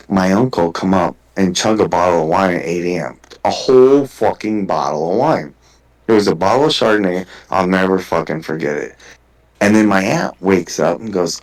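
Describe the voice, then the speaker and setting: A man's voice: deep voice, expressive, moderate pace, low-quality recording. A man in a casual podcast conversation, telling a long personal story with lots of swearing and restarts. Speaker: guest.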